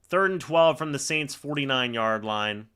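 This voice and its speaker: Animated, bright-voiced man ranting live. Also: mid-range voice, normal speed, clean tone. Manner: angry, exasperated ranting at referees; reads plays aloud like commentary. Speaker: sports reaction streamer. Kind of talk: live play-by-play reaction stream.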